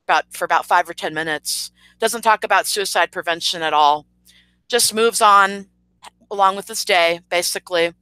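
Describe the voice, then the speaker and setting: A woman's voice: medium pitch, pushed and bright, no echo, poor audio. A woman hosting a livestream, talking sarcastically and indignantly to her chat with lots of fillers. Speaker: channel host. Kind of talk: livestream commentary rant.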